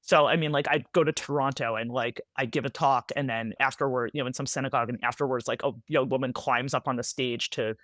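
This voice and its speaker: A woman from the United States, an author being interviewed, speaking rapidly in an animated way with many "like"s and tag questions. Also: a bass voice, dry recording, clean studio sound. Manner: animated, rapid, filler-heavy with frequent "like" and "right?". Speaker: author, guest. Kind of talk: conversational interview answers.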